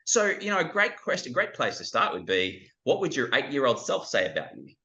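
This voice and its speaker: Earnest man, bright tone, roomy sound. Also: mid-range voice, huge pitch swings, a little fast, dull audio. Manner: earnest, many restarts and fillers. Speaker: guest, ministry founder. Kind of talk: reflective interview talk.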